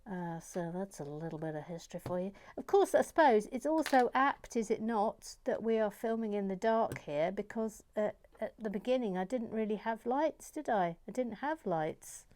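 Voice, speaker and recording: A woman hosting a brick-building vlog. She chats in a self-mocking way, reads out viewer messages and mutters softly as she builds. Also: mid-range voice, animated, normal speed, few pauses. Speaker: host of a brick-building channel. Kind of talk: casual building vlog chat.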